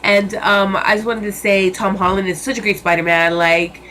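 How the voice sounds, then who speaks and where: A woman's voice: mid-range voice, flat delivery, moderate pace, pushed and bright, a little hiss or hum. A young woman reviewing a movie in a casual vlog, chatty and enthusiastic, with many fillers and repeated words.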